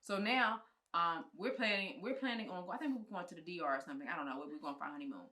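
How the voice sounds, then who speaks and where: Woman guest, very bright tone, animated casual storytelling, acts out the voices of others, frank and swearing. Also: lowish voice, fast. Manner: colloquial, frank speech with swearing. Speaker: guest, film producer and writer.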